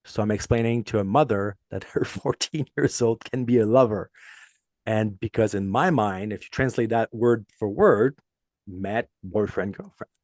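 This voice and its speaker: A middle-aged man with a French accent, a native French speaker, chatting casually as podcast co-host, halting and restarting often. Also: on the low side, darkish tone, dry recording, studio quality. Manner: rambling, halting with many restarts. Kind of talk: casual chat.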